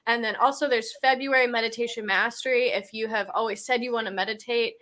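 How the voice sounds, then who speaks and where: Bright woman host plugging her offers. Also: a little high, fairly even intonation, fast talker, a little hiss or hum. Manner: upbeat promotional wrap-up, pointing viewers to links and offers. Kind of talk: live-stream conversation.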